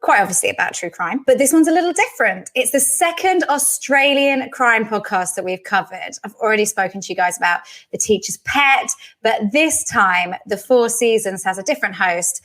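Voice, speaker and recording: A woman's voice: on the high side, lively intonation, moderate pace, few pauses, fairly bright tone. A young woman hosting a podcast, chatting casually and laughing easily with a friend. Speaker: podcast host. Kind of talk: casual chat.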